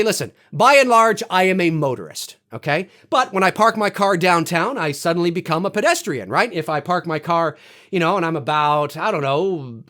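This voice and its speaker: Animated higher-voiced Canadian man ranting. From Canada, Toronto. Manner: animated, profane, exasperated. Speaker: vlogger. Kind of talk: casual rant to camera.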